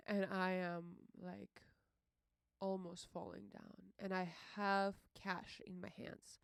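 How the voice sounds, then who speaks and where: Emotional woman with a gravelly, smooth voice. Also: mid-range voice, flat delivery, dry recording, clean studio sound. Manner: emotional, halting, with frequent fillers and swearing. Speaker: podcast host. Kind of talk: personal storytelling.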